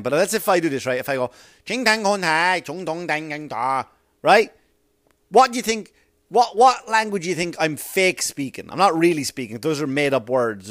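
Profane rambling stand-up comic, higher voice. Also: male voice, a bit bright, dry recording, clean studio sound. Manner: rambling, profane, conversational asides. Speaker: stand-up comedian. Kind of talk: stand-up comedy routine.

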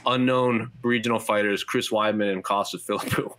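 A man talks casually on a podcast, filling his speech with little fillers as he runs through a list of upcoming fights. His voice is bright and ringing. He sits at a microphone with headphones on. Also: lowish voice, steady tone. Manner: rambling, quick lists of fights with many fillers. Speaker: MMA podcast host. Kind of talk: casual chat. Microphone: headphones and studio mic.

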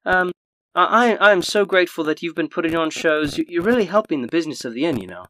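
A woman's voice: expressive, quick pace, a bit bright, no echo. A man voicing an eager, grateful older innkeeper's wife who stammers in a raised voice. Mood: gushing. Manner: high, fluttering, stammering.

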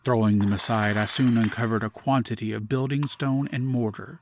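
A man giving a measured, grave dramatic reading of a classic gothic story as podcast host. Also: mid-range voice, steady tone, a little hiss or hum.

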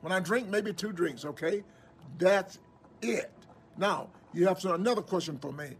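A man's voice: high-pitched, moderate pace, slight background noise. A man recording a cheerful, upbeat video greeting, chatting playfully about his life. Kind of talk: casual recorded message.

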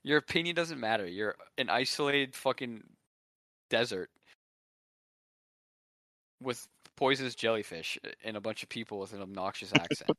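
A man's voice: medium pitch, moderate pace, pauses often, sharp tone, no echo. A young man hosting a podcast, ranting sarcastically in casual chat. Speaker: podcast host.

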